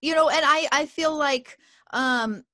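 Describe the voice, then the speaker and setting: A woman's voice: sits high, unhurried, bright, forceful tone, no echo. A woman hosting a podcast, sincere and affirming as she talks. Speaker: podcast host. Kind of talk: candid podcast conversation.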